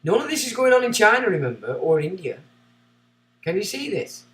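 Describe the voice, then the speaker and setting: A man's voice: high-pitched, very animated, a little fast, a bit bright, reverberant, distant mic. A man hosting a livestream, reading out passages and breaking off into scornful, sarcastic asides. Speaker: livestream host. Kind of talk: ranting commentary while reading aloud.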